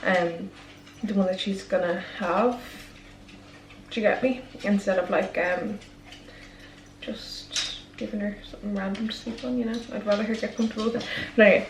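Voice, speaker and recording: A young Irish woman rambles chattily to camera in a vlog, peppering her speech with "like" and "literally". Her mid-range voice holds a steady tone at normal speed. The roomy, distant recording carries noisy background ambience.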